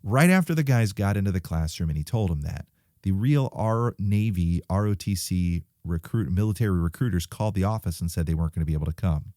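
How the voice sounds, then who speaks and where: A man preaching to young people, urging them with stories and sudden quiet drops, recorded close and dry. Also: low-pitched, expressive, fairly quick, no room sound.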